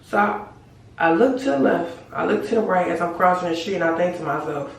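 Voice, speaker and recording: Animated woman in a very echoey room. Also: lowish voice, a little fast, creaky, recorded from a distance. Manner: animated, slangy and profane, addresses viewers as y'all. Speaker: storytime vlogger. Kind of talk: casual storytelling to camera. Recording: very echoey room, voice away from mic.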